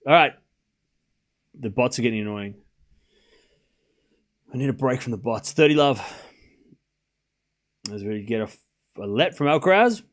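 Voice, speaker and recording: A man's voice: mid-range voice, lively intonation, measured pace, long pauses. Young guy streaming tennis commentary, chatty and jokey, swears a bit, talks to chat between points. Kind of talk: casual live-stream commentary.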